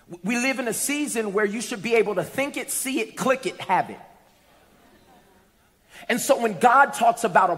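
A man preaching a sermon, telling stories and rising to shouts and sing-song lines. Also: sits high, big-room sound. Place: church.

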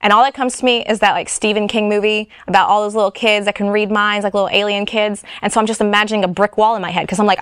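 A woman's voice: medium pitch, fairly even intonation, fast talker, hardly any pauses, fairly bright tone, no room sound, studio quality. A woman casually and frankly telling a personal testimony, her speech full of "like" and "you know". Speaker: storyteller.

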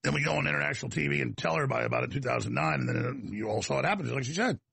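A man's voice: mid-range voice, very fast, creaky, a bit bright, slightly rough, no room sound. A man with a Texas accent, hosting a talk show in a rambling, combative, folksy monologue that wanders off on tangents.

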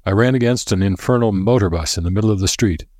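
A man's voice: on the low side, warm tone, no echo, studio quality, lightly acted. A man voicing a grim, solemn old professor who lays out grave warnings in a storybook reading. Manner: grave and deliberate.

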